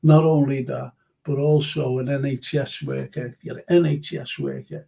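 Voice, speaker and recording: A man's voice: mid-range voice, level tone, moderate pace, vocal fry, mellow, muffled recording. An older man with a Liverpool accent hosting a casual live-stream chat show, rambling and reading out viewers' comments. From Liverpool, England. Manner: chatty and rambling, reads out comments, laughs easily. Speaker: host of online history and chat show.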